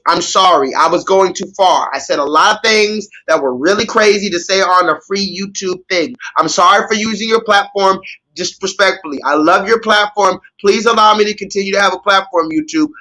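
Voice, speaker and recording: High, bright-voiced ranting man. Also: low-quality recording. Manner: sarcastic, mock-pleading, profane. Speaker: live stream host. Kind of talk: livestream commentary rant.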